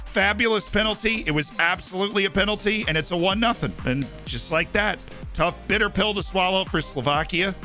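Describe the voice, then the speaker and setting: A man's voice: high voice, a little fast, bright, forceful tone, soft background music. A man hosting a live stream, chatting casually about football and rambling with lots of "right?" and "like". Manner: rambling, tags "right?" and "like" often.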